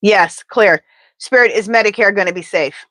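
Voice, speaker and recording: A woman doing a live pendulum reading, talking in an animated, indignant, chatty way. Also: mid-range voice, normal speed, no echo. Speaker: tarot reader.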